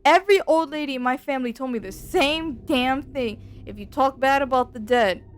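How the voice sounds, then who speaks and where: A woman streaming a game and chatting casually, telling stories in an animated, slangy way from a dark room at home into a desk mic. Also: high-pitched, moderate pace. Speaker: VTuber streamer.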